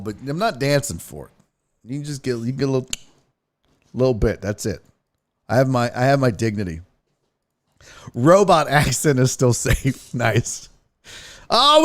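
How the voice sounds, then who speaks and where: A sports show host with a fairly high, somewhat bright voice runs a livestream in a casual chat style. He jokes around with playful, crude banter while reading out viewer donations.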